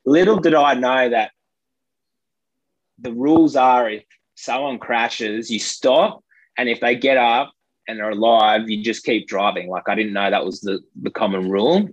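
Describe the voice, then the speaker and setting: A man's voice: mid-range voice, unhurried, dry recording, highs cut off. Australian man telling a rambling story. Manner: rambling, filler-heavy, laughs between lines. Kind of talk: casual anecdote.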